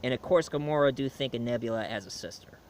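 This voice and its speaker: A man's voice: mid-range voice, quick pace, a little hiss or hum. A man giving a casual film and comic review, rambling along with many fillers and restarts.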